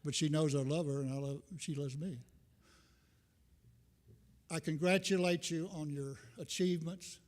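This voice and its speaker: An older man delivers a loose, folksy sermon, drifting between thoughts with self-deprecating humor. His voice sits a little high for a man. It rings out with a long reverb through a church sanctuary. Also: fairly even intonation, moderate pace, pauses often, a little mellow. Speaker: visiting minister. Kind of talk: informal sermon.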